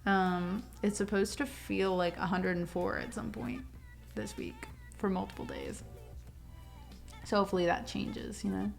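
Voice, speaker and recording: A young woman talks casually to her livestream viewers, chatty and openly emotional, her voice at an ordinary middle pitch. Faint music plays softly behind her. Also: fairly even intonation, a little slow, gravelly. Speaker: livestream host.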